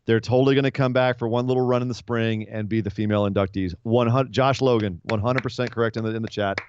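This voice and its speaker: A man hosting a casual wrestling podcast, recapping events chattily with quick asides. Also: mid-range voice, steady tone, dull audio, noisy background. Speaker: podcast host.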